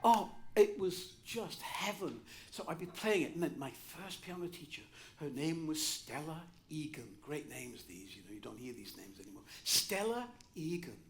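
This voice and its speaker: A man's voice: fairly high pitch, animated, normal speed. A man in his sixties from North Wales, a musical director telling wry anecdotes on a cabaret stage. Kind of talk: cabaret storytelling.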